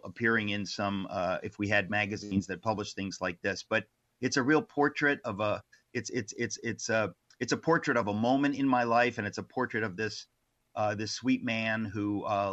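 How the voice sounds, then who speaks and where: Bright-voiced man telling stories. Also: fairly low pitch, muffled recording. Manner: animated, many restarts and asides. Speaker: author guest. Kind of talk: casual interview storytelling.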